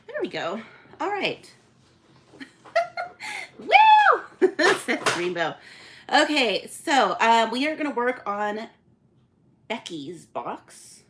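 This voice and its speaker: A woman's voice: fairly high pitch, big pitch swings, slow, a bit bright, slight background noise. A woman hosting a live online auction, chatting casually with viewers and laughing often. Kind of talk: casual live-stream chat.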